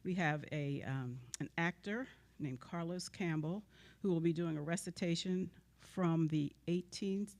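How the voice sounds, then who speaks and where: A woman's voice: fairly low pitch, unhurried, darkish tone. An older woman making a church announcement, slightly out of breath. She is chatty and jokes about herself. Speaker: care circle member making an announcement. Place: church service.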